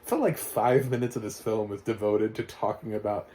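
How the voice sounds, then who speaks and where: Rich: a man with a low, mellow voice giving a rambling, sarcastic film review, full of chuckles and restarts. A faint hum sits behind him. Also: steady tone, fairly quick. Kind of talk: casual spoken review.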